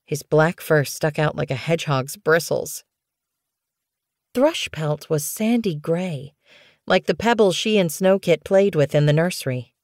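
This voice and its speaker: A woman narrating a children's animal storybook as an audiobook reader, in even, clear storytelling. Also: sits low, measured pace, dry recording, studio quality.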